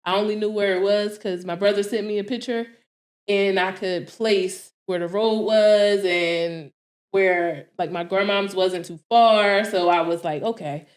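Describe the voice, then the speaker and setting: A woman in her thirties co-hosting a casual podcast, telling stories in an animated way, acting out her own quotes and laughing often. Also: mid-range voice, a little slow, reverberant. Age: 30s. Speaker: podcast co-host.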